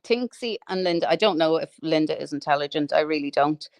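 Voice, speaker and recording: A woman's voice: sits low, brisk, no echo, studio quality. A woman in casual livestream chat, talking animatedly, swearing freely and laughing as she rants.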